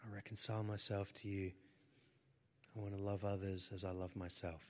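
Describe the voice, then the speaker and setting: Soft-spoken man leading healing prayer. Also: low voice, level tone, fairly quick. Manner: soft prayerful delivery, often dropping to a whisper; rises to forceful declarations. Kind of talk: prayer ministry sermon.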